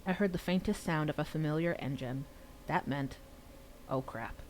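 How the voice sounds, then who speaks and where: A woman reading her own novel aloud on a livestream, pausing for casual chatty asides. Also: deep voice, darkish tone, a little hiss or hum.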